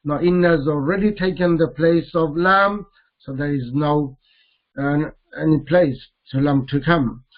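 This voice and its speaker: A man teaching a grammar lesson, repeating each Arabic term slowly as he mixes it into English explanations. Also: a little high, fairly even intonation, muffled recording.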